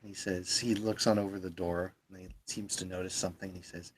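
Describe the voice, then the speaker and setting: Low-voiced man running a tabletop game. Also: flat delivery, quick pace, hardly any pauses, husky. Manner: hesitant, many fillers. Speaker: game master.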